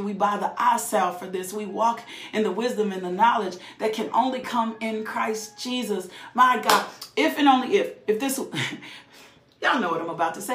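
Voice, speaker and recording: A woman's voice: a little high, echoey room, a little hiss or hum. A woman preacher, reading scripture and breaking into fervent exhortation and prayer. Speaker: preacher leading a devotional.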